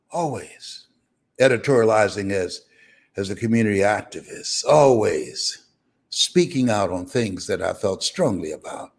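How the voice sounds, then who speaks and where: A man's voice: mid-range voice, a little mellow, husky. An older man giving a live motivational speech, emphatic and preacher-like, repeating phrases and breaking into hearty laughs. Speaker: motivational speaker.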